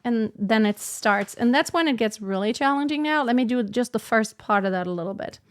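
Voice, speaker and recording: A lyric coloratura soprano talks through her practice of an aria, picking apart her own phrasing. Her speaking voice sits a little high for a woman. She critiques herself as she works and slips into short sung demonstrations. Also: animated, fairly quick, no echo, studio quality. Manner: self-critical, breaks into sung demos. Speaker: singing teacher practicing an aria. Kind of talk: thinking-aloud practice commentary.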